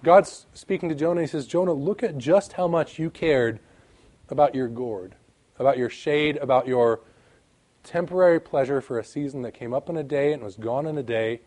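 A man's voice: medium pitch, moderate pace, darkish tone. A man preaching a sermon, reading scripture aloud with emphatic rises and drops in his delivery. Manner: emphatic, rising and falling, reads scripture aloud.

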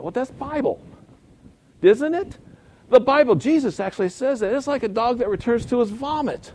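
A man teaching a Sunday school Bible lesson in a conversational, folksy way, slowing down and building up for emphasis. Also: very high voice, expressive, darkish tone. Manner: conversational, folksy, chuckles at own points.

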